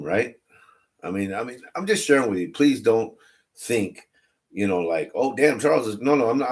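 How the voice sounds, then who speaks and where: A man talking casually and candidly on a livestream about faith, rambling and restarting his phrases. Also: low-pitched. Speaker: online religious streamer.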